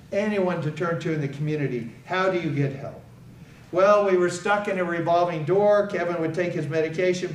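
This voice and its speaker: A man's voice: fairly high pitch, a little hiss or hum. A man, a guest speaker and author, telling a personal story at an event and acting out the dialogue. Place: indoor event hall. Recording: echoey hall, far from the mic.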